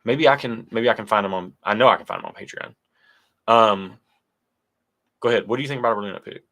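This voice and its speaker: An American co-host of a casual whiskey tasting livestream talks fast in a lowish, fairly bright voice. He chats and reads viewer comments aloud.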